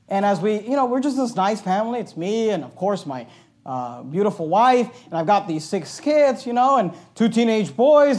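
Loud, high-voiced middle-aged male pastor. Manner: loud, emphatic delivery; conversational storytelling with asides. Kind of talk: sermon with personal anecdote.

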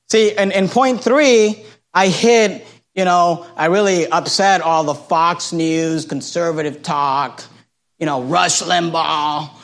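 A man with a high, light voice delivers a sermon. He preaches emphatically, slipping into mocking voices of the people he criticizes before landing his point. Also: fairly bright tone. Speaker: pastor.

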